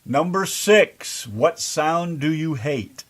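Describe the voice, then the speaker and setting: Male host, fairly high voice, teasing questions, casual banter. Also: animated, slow pace, no echo. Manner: teasing, reads numbered questions. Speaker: radio show host. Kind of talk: casual radio interview.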